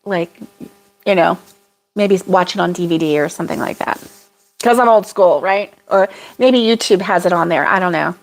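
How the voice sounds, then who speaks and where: A woman's voice: fairly low pitch, normal speed. A woman hosting a casual livestream chat with viewers, rambling and laughing often. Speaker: crochet channel host.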